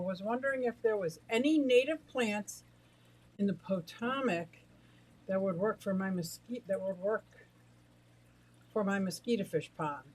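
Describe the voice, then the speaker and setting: A middle-aged woman from the United States, out of breath and excitable, chatting casually on a livestream about her fish and greeting viewers. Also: mid-range voice, slightly rough, poor audio. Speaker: aquarium and exotic pet livestreamer.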